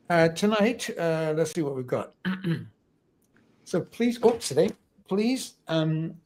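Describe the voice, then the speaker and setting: A man's voice: a little high, darkish tone. A middle-aged man hosting a casual music livestream, chatty and rambling, with many fillers. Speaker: livestream host.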